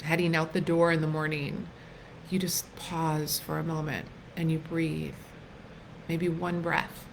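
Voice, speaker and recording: Earnest woman coach, slightly low voice. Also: slight background noise, low-quality recording. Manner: warm and earnest, with soft pauses and restarts. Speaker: wellness coach hosting a live workshop. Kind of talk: casual live-stream talk.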